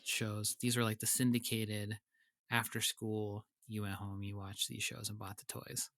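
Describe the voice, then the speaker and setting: A man co-hosting a podcast in casual chat, laughing often and tossing in quick wry asides. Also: lowish voice, flat delivery, fairly bright tone, dry recording, studio quality. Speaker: podcast co-host.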